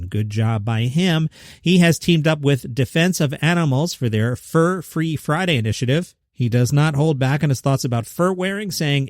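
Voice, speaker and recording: A man hosting a comedy news podcast, delivering headlines with sarcastic, deadpan asides. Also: on the high side, normal speed, dry recording, studio quality. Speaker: podcast host.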